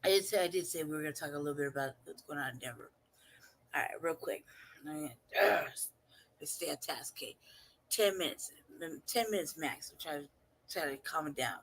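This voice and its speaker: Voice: mid-range voice, fast talker, fairly bright tone. A channel host reacting to a clip in casual commentary, laughing often, swearing freely and rambling.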